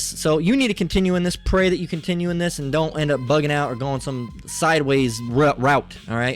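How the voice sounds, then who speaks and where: A man giving an informal Bible teaching, rambling and swearing freely, often mocking people as he goes. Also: a little high. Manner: rambling, profane and mocking, with frequent filler.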